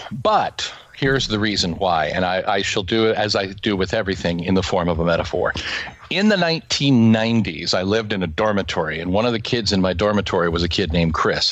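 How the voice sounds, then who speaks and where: A man's voice: fairly low pitch, lively intonation, fairly quick, a bit bright, no room sound, highs cut off. Chatty jokey man in his forties. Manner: chatty, jokey, rambling with restarts. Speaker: podcast host. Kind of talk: casual discussion of a comic book.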